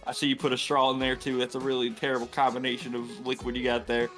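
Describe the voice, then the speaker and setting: A man's voice: medium pitch, monotone, a little fast, music in the background. A man playing his character in a tabletop game, with wry, drawling banter. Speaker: player.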